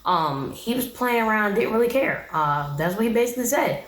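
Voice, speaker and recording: A woman's voice: medium pitch, lively intonation, normal speed. Sassy woman recapping TV, roomy echo. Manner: sassy, blunt, talks straight to viewers. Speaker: reality show reviewer. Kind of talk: casual recap commentary.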